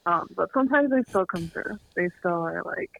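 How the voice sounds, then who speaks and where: A young woman with a gravelly, creaky edge to her voice. She talks loosely and casually, leaning on fillers as she chats as a guest medium. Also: lowish voice, normal speed, low-quality recording. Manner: relaxed, many fillers and likes. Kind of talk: casual chat.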